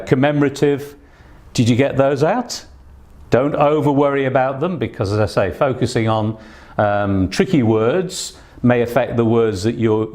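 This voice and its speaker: In a darkish, mid-range voice, a male English test teacher leads an online exam-prep class. His manner stays patient and instructive, though "uh" and "um" fill the gaps between points.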